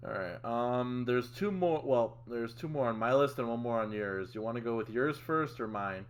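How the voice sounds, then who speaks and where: Relaxed male host, mid-pitched voice, casual and a bit profane. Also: moderate pace, smooth. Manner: relaxed, swears casually, dry asides. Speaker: podcast host. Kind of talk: casual chat.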